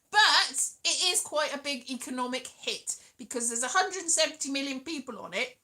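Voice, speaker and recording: A woman's voice: sits high, animated, moderate pace, few pauses, bright, forceful tone. A young woman vlogging in a rambling, giggly, self-mocking way, dropping to mutters and jumping to squeals. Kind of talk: rambling casual vlog chat.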